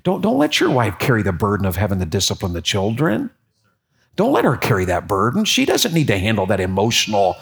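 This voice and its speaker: Animated preacher man. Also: mid-range voice, a little fast, vocal fry. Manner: animated storytelling, repeats words, voice jumps up when excited. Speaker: pastor. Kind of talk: sermon with personal story.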